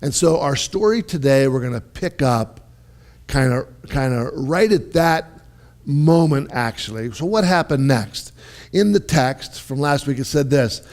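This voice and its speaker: A man preaching a sermon in a lively, conversational way, often checking in with his listeners and restarting his phrases. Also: medium pitch, a little slow. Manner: animated, conversational, with repeated "right?" and restarts. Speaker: pastor.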